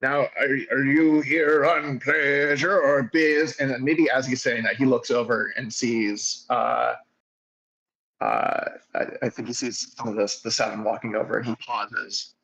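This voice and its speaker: A man playing a tabletop role-playing game, describing his character's actions in a laid-back, halting way. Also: mid-range voice, fairly even intonation, gravelly, fairly bright tone, breathy edge, poor audio. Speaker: player. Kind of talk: casual tabletop role-play narration.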